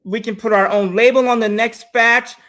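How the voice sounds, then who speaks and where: A man co-hosting a casual panel talk, animated and addressing viewers directly as he tells stories. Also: very high voice, normal speed. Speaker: co-host.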